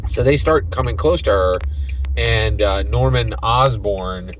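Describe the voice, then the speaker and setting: A man's voice: on the low side, unhurried, a little hiss or hum, rough recording. A man working as game master, chatting casually through a recap of a tabletop game session with lots of "right?" asides. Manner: rambling, chatty, keeps asking "right?".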